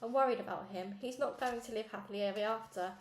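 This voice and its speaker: A woman's voice: a little high, quick pace. A woman reading a children's storybook aloud in a conversational first-person narration. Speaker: reader. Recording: echoey room, faint noise.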